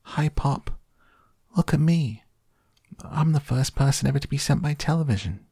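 A squeaky, shrill tiny boy in a storybook reading, bratty and obsessed with television, put on by a male narrator. The voice sits far above the narrator's own low register and comes out husky over a dry, close sound. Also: moderate pace, dark tone, no echo. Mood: cheeky. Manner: shrill, whiny demands. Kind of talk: audiobook character voice.

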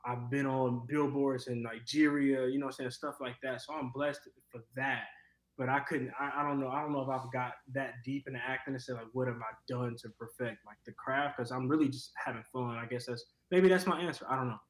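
A young actor from Cleveland talking casually in an interview, rambling with lots of fillers. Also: male voice, medium pitch, fairly even intonation, brisk, echoey room, rough recording. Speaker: actor guest.

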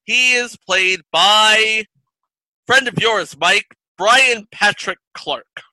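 A man's voice: high voice, very slow, bright, forceful tone, no room sound, low-quality recording. A man co-hosting a casual podcast, reading cast notes and teasing his partner. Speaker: podcast co-host. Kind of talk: casual chat about old TV.

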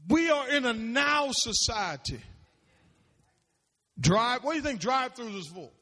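A man preaching a sermon as pastor, calling out questions for the congregation to answer and sometimes shouting. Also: extremely high pitch, expressive, unhurried. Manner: preachy call-and-response, rising to shouts. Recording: long reverb of a large hall.

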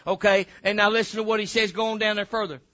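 Male pastor, sermon, very high pitched, bright edge, fervent emphatic delivery, muffled lo-fi recording. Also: little pitch movement, fast talker. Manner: emphatic, fervent preaching with sudden bursts.

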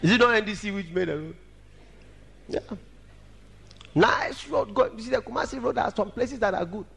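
A man preaching a sermon dramatically, shouting at times and breaking into song. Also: moderate pace, gravelly, breathy edge. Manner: dramatic, shouting and singing, wide swings in pitch. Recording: echoey hall reverb.

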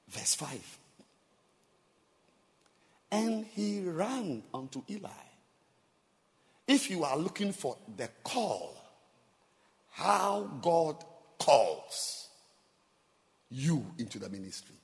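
A male pastor preaches in a slow, deliberate rhythm, his pitch swinging widely as he laughs and throws questions at the congregation. Every phrase hangs in the long reverb of a church hall. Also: very animated. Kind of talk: sermon.

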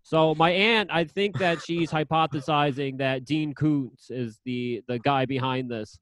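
A man's voice: a little high, fairly even intonation, measured pace, a bit bright, no echo. A man co-hosting a podcast, rambling through crude jokes in casual banter. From Italian-American. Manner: rambling, joking, trails off. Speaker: podcast co-host.

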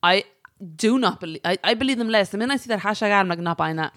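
A young adult woman with an Irish accent, co-hosting a podcast in animated, laughing casual chat. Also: mid-range voice, racing, dry recording, studio quality. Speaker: podcast co-host.

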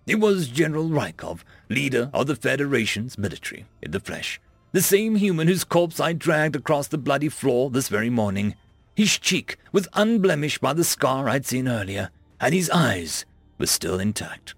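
Casting note: male audiobook narrator, gravelly, lively delivery, dry close sound, faint music under. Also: mid-range voice, moderate pace, no echo. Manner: wry, conversational storytelling. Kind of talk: first-person sci-fi narration.

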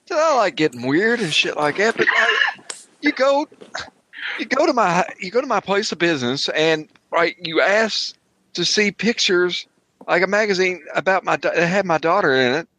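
A man's voice: sits high, very animated, moderate pace, pushed and bright, dry recording, pitched above the performer's own voice, full character voice, low-quality recording. A man voicing a crude, defensive middle-aged pawnshop owner and father who rambles, swears and gets flustered in a tabletop game. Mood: rattled.

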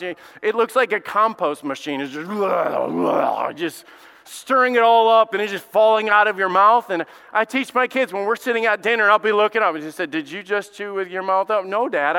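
Animated pastor preaching in a reverberant hall. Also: male voice, high-pitched, clear, resonant tone. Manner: animated and joking, acting out quick little scenes. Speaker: lead pastor. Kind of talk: sermon.

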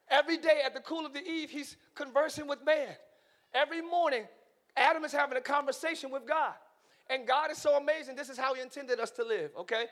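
A male pastor preaching a live church sermon with energetic shouting and call-and-response to the congregation. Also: very high-pitched, brisk.

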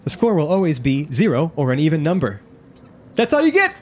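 A man voicing a booming, showy male game-show announcer. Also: wildly swooping pitch, fairly quick, a little hiss or hum. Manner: showy, theatrical.

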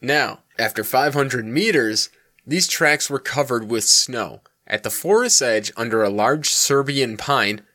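A man's voice: mid-range voice, unhurried, sharp tone. A man hosting a casual podcast, reading out a mystery story and swearing freely between the joking banter. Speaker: podcast host telling the story.

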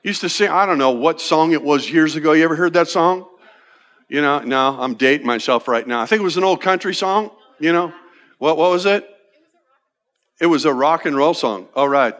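A man in his sixties preaching a sermon in a conversational, animated way, often checking in with "right?" and playing with words. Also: on the high side, moderate pace. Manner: animated, playful with wordplay. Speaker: pastor.

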